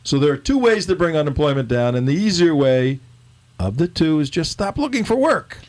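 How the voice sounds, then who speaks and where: A man's voice: a little high, very animated, fairly quick, darkish tone. A man playing a confused comedian in a double-act sketch, firing bewildered questions. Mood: baffled. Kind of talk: reading a comedy sketch script.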